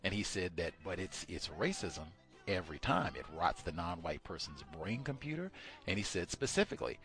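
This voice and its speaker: Male radio host, deep-set voice with animated pitch swings; presses his points with rhetorical questions. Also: brisk. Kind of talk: study session talk.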